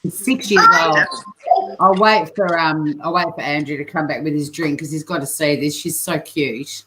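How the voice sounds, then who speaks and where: A woman's voice: low voice, moderate pace, heavy background noise. A woman hosting a long livestream on a video call, chatting casually and laughing often. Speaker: livestream host.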